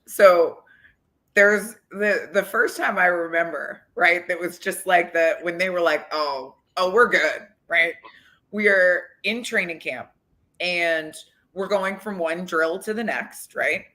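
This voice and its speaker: A woman guest on a podcast interview, telling animated stories and acting out the quotes with big jumps in pitch. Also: slow. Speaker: guest, former football coach. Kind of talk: lively storytelling in a podcast interview.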